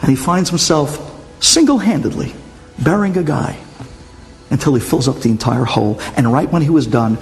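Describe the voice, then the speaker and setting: A man, a rabbi, telling a story in an animated way with sudden jumps in pitch. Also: moderate pace, soft background music. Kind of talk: storytelling talk. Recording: long hall reverb.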